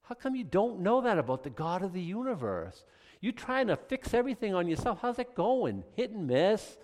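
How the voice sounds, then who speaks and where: A pastor preaching a sermon, reading scripture quietly and then building to loud, emphatic exhortation. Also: male voice, sits high, big pitch swings, normal speed. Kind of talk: expository sermon. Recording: long hall reverb.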